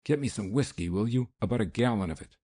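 A man's voice: fairly low pitch, lively intonation, quick pace, warm tone, slightly rough. A man reading the part of a brash American snake expert, speaking in a folksy, pained way in an audiobook.

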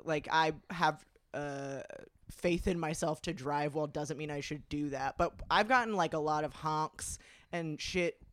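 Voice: mid-range voice, unhurried, a bit bright. A young adult co-host in casual chat, rambling with lots of "like" and restarts.

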